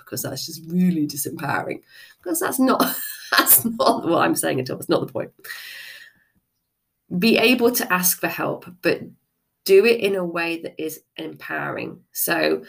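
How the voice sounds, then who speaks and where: A woman giving a self-help talk in a lowish, gravelly voice that swings through a wide range. She is frank and conversational and throws in the occasional swear word. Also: very animated, unhurried. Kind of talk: motivational talk.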